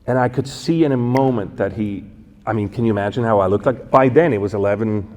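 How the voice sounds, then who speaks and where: A man in his fifties from Switzerland, telling a personal story as a guest speaker, halting and correcting himself with many fillers. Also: lowish voice, darkish tone. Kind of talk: storytelling talk. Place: church event hall. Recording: long hall reverb.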